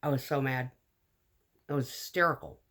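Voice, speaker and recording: A woman telling a personal story in a casual storytime vlog, animated and blunt, acting out the lines of the people in it. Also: very deep voice, normal speed. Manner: animated, acts out quoted dialogue.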